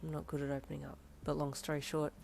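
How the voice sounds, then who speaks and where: A woman voicing a brooding, teasing young man in a fan-fiction audio story, speaking in a low, flat murmur. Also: normal speed, gravelly, faint music behind. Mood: somber.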